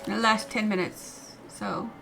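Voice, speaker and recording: A woman's voice: medium pitch, steady tone, takes it slowly, creaky, music in the background. A woman playing a tabletop game, thinking aloud hesitantly about her moves. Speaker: player. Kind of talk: casual tabletop game chat.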